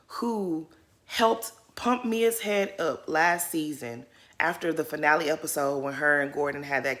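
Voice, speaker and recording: A woman giving casual, shady commentary on a reality show, ranting with sass. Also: lowish voice. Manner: sassy, shady, animated ranting.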